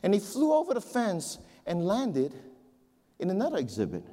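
Animated preacher in a reverberant hall. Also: male voice, high-pitched, normal speed. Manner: animated storyteller, repeats words. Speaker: pastor. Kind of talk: sermon with a joke. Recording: long church hall reverb.

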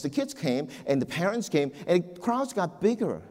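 A middle-aged male pastor telling a joke and preaching in a church, as an animated storyteller who repeats words. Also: a little high, a little fast. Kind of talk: sermon with a joke. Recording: long church hall reverb.

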